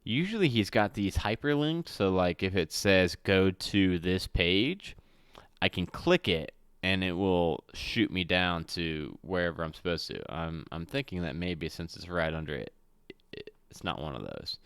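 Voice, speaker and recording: A man with a low, smooth voice reads out a solo adventure module as game master. He trips over words, corrects himself and breaks off for casual asides. The sound is close and dry, with no room around it. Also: expressive, normal speed, fairly bright tone, no echo. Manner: reads with slips and self-corrections, chatty asides. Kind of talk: reading a solo adventure aloud.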